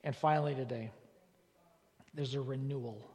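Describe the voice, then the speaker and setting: A man, a pastor, preaching a sermon in a church, leaning hard on repeated words and rising to loud, forceful peaks. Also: medium pitch, steady tone, normal speed. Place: church sanctuary. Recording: long reverb of a large church hall.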